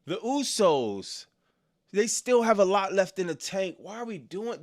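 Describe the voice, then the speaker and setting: Speaking a little slowly, a man running a live wrestling reaction stream reads the chat out loud. He goes back and forth between loud excitement and low-voiced frustration, and his casual slang often ends on "bro" or "dog".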